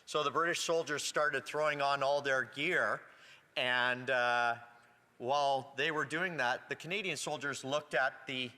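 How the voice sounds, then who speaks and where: Parliamentarian, male, bright tone, halting speech with repeats, desk mic in a reverberant chamber. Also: mid-range voice. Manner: halting, repeats words while searching. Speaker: member of parliament. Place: legislative chamber. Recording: long reverb of a large chamber.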